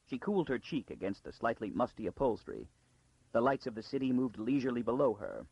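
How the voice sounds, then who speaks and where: A man narrating an audiobook in a dramatic storytelling style with a gravelly, husky voice. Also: mid-range voice, very animated, quick pace, a little mellow, dry recording, muffled recording. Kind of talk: scripted narration.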